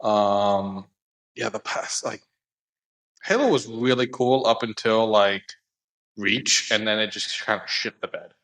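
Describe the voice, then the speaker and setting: A man's voice: lowish voice, slow pace, fairly bright tone, poor audio. Laid-back man rambling on a podcast. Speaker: podcast co-host. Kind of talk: casual chat.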